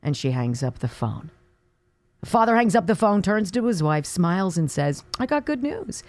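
A woman's voice: lowish voice, normal speed, dry recording. A woman hosting a radio show, reading jokes in casual banter and laughing often. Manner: laughs often, lively joke delivery. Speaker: radio host.

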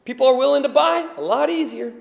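A male preacher giving a conversational sermon, sometimes quiet and chatty, sometimes loud and emphatic, and he laughs often. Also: very high voice, fast, vocal fry, big-room sound. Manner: animated, swings from quiet asides to loud emphatic shouts.

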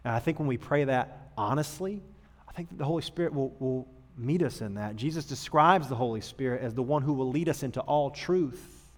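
A man preaching as a youth pastor in a church auditorium, talking in a casual, earnest way that moves from loud emphasis to hushed tones. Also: mid-range voice, a little fast. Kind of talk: sermon to youth group. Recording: long hall reverb.

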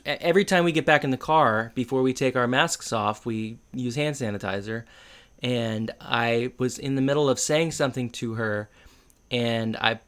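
A man talks through a sitcom episode with his co-host in a relaxed way. He tells rambling little anecdotes and slips in puns to tease her. His voice sits at an everyday middle pitch. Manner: joking, teasing, makes puns and tells loose anecdotes. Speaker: podcast co-host. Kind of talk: casual chat recapping a sitcom episode.

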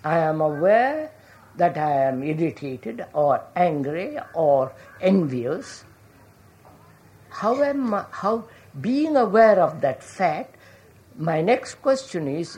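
A woman giving a reflective public talk has a darkish tone and a slow, sing-song delivery, with pitch that swings widely as she presses her questions. Calling the audience sir, she repeatedly makes sure they are following.

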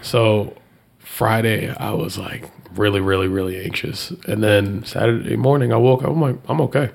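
A man in a casual chat, telling a story and voicing the people in it, leaping up in pitch when he quotes them. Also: normal speed, gravelly. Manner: animated, jumps high when quoting people.

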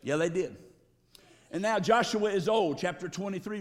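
Male pastor, high voice, emphatic sermon delivery with call-and-response, long church reverb. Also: expressive, moderate pace. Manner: emphatic, calls for congregation response. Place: church sanctuary.

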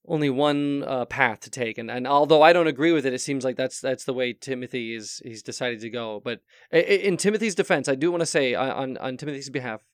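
A man playing a relationship-advice talk-show host in an improvised comedy sketch, halting and stammering in formal phrasing. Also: mid-range voice, clean tone, no echo, clean studio sound, lightly acted. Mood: earnest.

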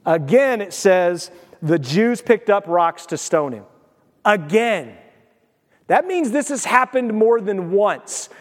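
High-voiced man preaching in a reverberant hall. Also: lively intonation, unhurried. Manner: emphatic, conversational preaching with asides. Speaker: pastor. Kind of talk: sermon.

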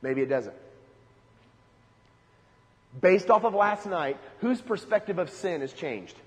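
A man's voice: high voice, animated, slow. A man preaching a sermon, emphatic, with rhetorical questions and lists. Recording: long hall reverb.

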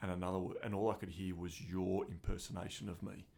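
A man from Tasmania with an Australian accent, telling stories in animated, jokey casual chat. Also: low voice, fast, vocal fry. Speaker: podcast co-host.

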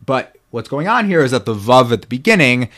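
A man's voice: medium pitch, very animated, brisk, fairly bright tone. A man guest on a podcast, explaining biblical Hebrew in a teacherly way and often checking in with "right?". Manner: precise about Hebrew pronunciation. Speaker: podcast guest, Bible scholar.

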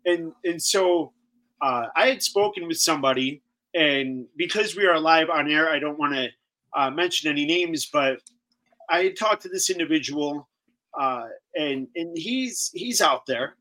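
A man speaking as a guest on a live talk show, halting and repeating himself, a little flustered. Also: on the high side, bright, forceful tone, poor audio.

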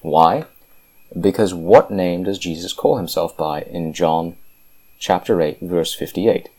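A man's voice: low voice, takes it slowly, mellow, slightly rough. A man giving impassioned Bible commentary with fervent, emphatic delivery and frequent restarts. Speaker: Christian commentator.

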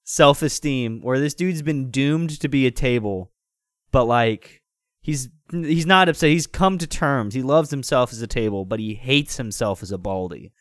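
A man's voice: medium pitch, expressive, moderate pace, no room sound, studio quality. A man reading fan fiction aloud on a comedy podcast, laughing often and chatting between passages. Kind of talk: casual comedic chat with dramatic reading.

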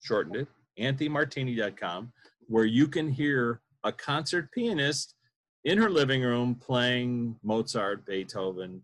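A man's voice: mid-range voice, a bit bright. A man hosting a casual interview, joking and self-deprecating as he leads the talk. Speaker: podcast host.

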